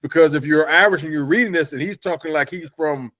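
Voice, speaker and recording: Brief: enthusiastic male interview host, a touch high-pitched, halting delivery. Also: fairly bright tone. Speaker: podcast host. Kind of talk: casual interview chat.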